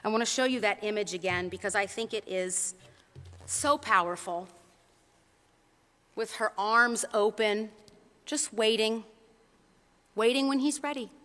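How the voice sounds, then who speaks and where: A woman's voice: mid-range voice, unhurried, long pauses, a bit bright, big-room sound. A woman preacher giving a conversational sermon in a church. She tells a story and often checks in with the congregation.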